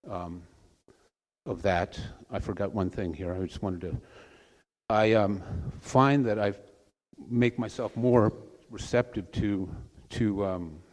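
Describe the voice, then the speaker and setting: A man giving an informal sermon, telling stories in a conversational way with soft trailing asides. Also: on the low side, slow, long reverb tail. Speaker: preacher.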